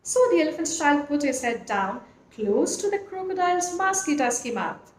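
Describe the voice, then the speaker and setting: Expressive woman reading a storybook. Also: high-pitched, normal speed. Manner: expressive, lilting. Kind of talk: storybook read-aloud. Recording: echoey room, faint noise.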